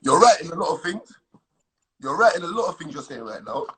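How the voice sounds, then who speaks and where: Raspy, lively man, pushy live-stream debater, a touch higher-voiced. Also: fairly quick, low-quality recording. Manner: insistent, argumentative, lively.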